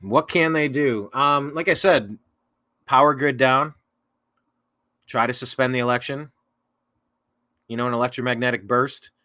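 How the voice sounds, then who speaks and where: Measured in pace and leaving long pauses, this medium-pitched male talk show host has a bright, forceful delivery. He meanders through viewer comments on politics, repeatedly correcting himself with sneering sarcasm.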